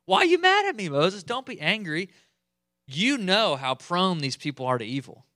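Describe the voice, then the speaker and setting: A pastor voicing a soft-spoken, whiny priest who makes childlike excuses. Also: male voice, high-pitched, sing-song, normal speed, no room sound, studio quality, pitched above the performer's own voice, full character voice. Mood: pleading. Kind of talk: sermon storytelling.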